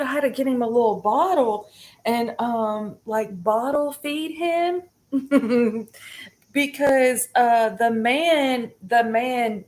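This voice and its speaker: A woman's voice: fairly high pitch, slow, darkish tone. A middle-aged woman chatting casually to her viewers, rambling with many fillers and restarts. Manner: addresses the audience directly. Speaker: spiritual reading streamer. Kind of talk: casual live chat to viewers.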